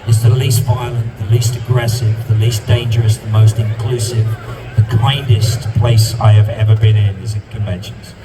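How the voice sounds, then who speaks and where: A man's voice: lowish voice, fairly even intonation, moderate pace, recorded from a distance, over a noisy crowd, heavy background noise. A man giving an impassioned guest talk on a convention stage, stacking up emphatic repeated phrases. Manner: passionate, emphatic repetitions.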